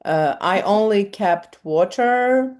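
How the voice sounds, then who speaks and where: A woman with an Armenian accent, an English teacher co-hosting a casual podcast, blunt and quick to laugh. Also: mid-range voice, expressive, darkish tone. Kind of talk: casual chat.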